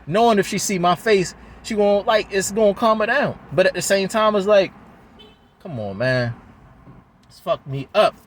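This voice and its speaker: A man's voice: sits high, normal speed, a little hiss or hum. Heated, rambling man outdoors. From Baltimore, USA. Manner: heated, rambling, repetitive, swears often. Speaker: father talking to camera. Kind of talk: emotional venting monologue.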